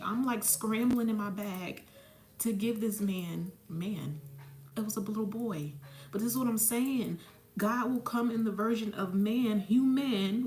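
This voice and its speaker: A woman with a mid-range, somewhat dark voice, a spiritual mentor and psychic medium, delivers a blunt, profane, preachy motivational talk. The room echoes, and faint music plays in the background.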